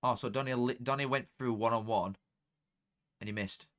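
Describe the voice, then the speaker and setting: A young man chatting through a live football watchalong. He rambles casually, mutters low one moment and bursts out loudly the next. His voice sits at an ordinary middle pitch for a man. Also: moderate pace. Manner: excitable, chatty, swings from flat mutter to loud outbursts. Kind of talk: casual live commentary to viewers.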